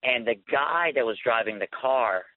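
A man telling a personal faith story as a guest, earnest and animated, often restarting his sentences. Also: medium pitch, moderate pace, no echo. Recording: tinny phone line.

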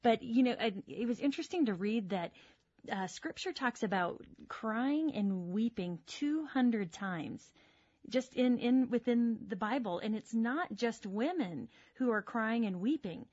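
A woman co-host chatting casually about her research, lively and quick to laugh. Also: on the high side, no room sound, muffled recording. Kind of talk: casual chat.

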